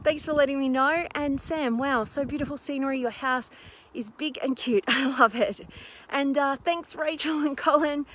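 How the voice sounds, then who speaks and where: Breathless high-voiced woman outdoors. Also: moderate pace, fairly bright tone. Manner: bubbly, reading out viewer comments with lots of fillers. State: out of breath from climbing a hill. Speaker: host of a live stream. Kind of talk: casual live-stream chat while exercising outdoors. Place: outdoors in a windy park on a hill. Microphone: phone camera held while walking. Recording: faint outdoor noise.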